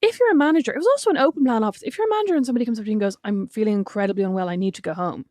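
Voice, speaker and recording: A woman's voice: on the high side, racing, hardly any pauses, darkish tone, dry recording, studio quality. A woman co-hosting a podcast, telling stories in casual chat, laughing often and swearing casually. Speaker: podcast co-host.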